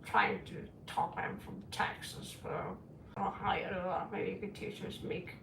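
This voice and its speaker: A middle-aged woman does tarot readings on a relaxed livestream, speaking unhurriedly in a flat, slightly bright mid-range voice with vocal fry. She rambles frankly and calls people sweetie, heard from a distant mic with roomy echo and a little hiss or hum.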